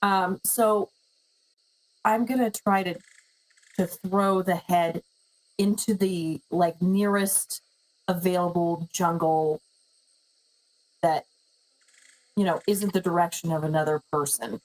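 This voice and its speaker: Slow, halting woman player. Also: fairly low pitch, fairly even intonation, poor audio. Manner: hesitant, halting, restarts often. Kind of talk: playing a tabletop game.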